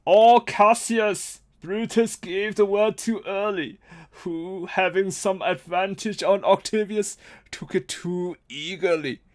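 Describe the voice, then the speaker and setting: A loyal Roman officer, read aloud by a man. The voice sits high for a man, and the lines come out slow and stressed word by word in a casual Shakespeare read-along. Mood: urgent.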